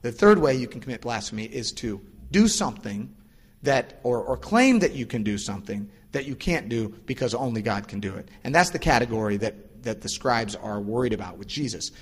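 A man's voice: fairly quick, breathy edge. Male pastor preaching in a reverberant hall. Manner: casual and explanatory, acts out quoted voices with lively pitch jumps. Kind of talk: conversational sermon. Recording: long reverb of a large hall.

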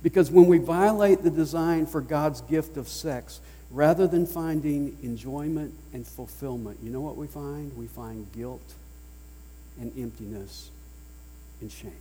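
A man with a Southern US accent preaching a sermon as pastor, emphatic, swinging between loud declarations and hushed lines. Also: a little high, measured pace, breathy edge. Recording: long reverb of a large hall.

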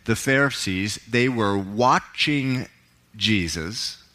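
A man, a pastor, preaching a sermon in church, reading scripture with dramatic swells and hushed drops. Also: on the low side, expressive, slow. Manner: dramatic, swells up on key words and drops to a hush.

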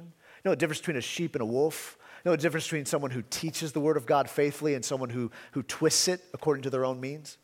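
A man's voice: medium pitch, long reverb tail. A man preaching a sermon as pastor, emphatic, asking rhetorical questions and repeating key phrases.

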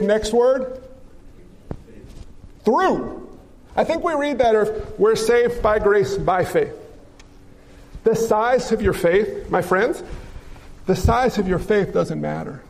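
A pastor with a notably high voice preaches to his congregation. He keeps it lively with questions and stories. His voice rings with the long reverb of a large hall. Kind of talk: sermon.

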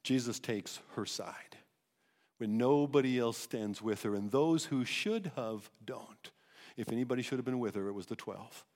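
A man preaching a sermon as pastor, emphatic and animated, often restarting his phrases. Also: medium pitch, big-room sound. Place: church sanctuary.

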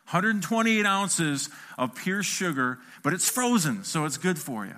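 A man's voice: on the high side, unhurried. A middle-aged man preaching a sermon as a pastor, telling a funny story and acting out the quotes of the people in it. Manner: animated, acts out quotes with a shifting voice.

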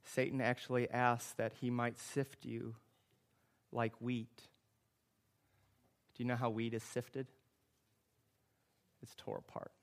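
A man preaching a sermon as a pastor, with emphatic, repetitive phrasing that builds to loud, impassioned passages. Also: mid-range voice, flat delivery, slow, pauses often.

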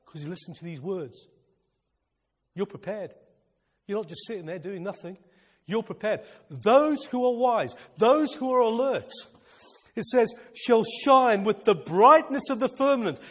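A male preacher delivering a fervent sermon, repeating phrases for emphasis and sometimes shouting with excitement. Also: very high-pitched, big-room sound.

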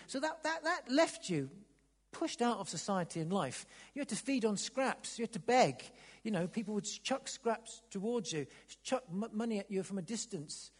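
High-voiced preacher man in a reverberant hall. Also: slightly rough. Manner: swings from soft near-whispers to loud emphatic bursts; restarts and repeats words when stirred. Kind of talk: sermon. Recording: long reverb of a large hall.

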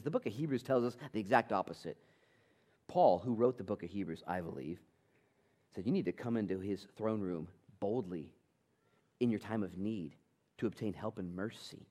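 A middle-aged man delivers a church sermon with animated energy. His voice climbs to loud, emphatic peaks, then drops to soft, intimate tones. He talks like a pastor speaking from the pulpit. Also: lowish voice, quick pace. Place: church sanctuary.

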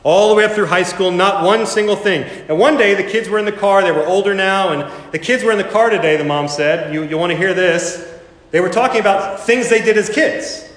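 A man preaching a sermon, telling a story with dramatic swells and slipping into character voices. His voice sits a little high for a man. It rings out through a large, echoing hall with a long reverb tail. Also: fairly quick. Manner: dramatic storytelling, voicing characters with sudden loud rises. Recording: echoey hall, reverberant room.

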